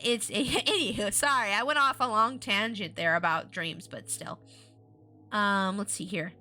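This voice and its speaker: A woman's voice: mid-range voice, unhurried, bright, forceful tone, faint music behind. A woman streamer reading a book aloud, breaking off into chatty, indignant asides. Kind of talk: casual read-aloud with reactions.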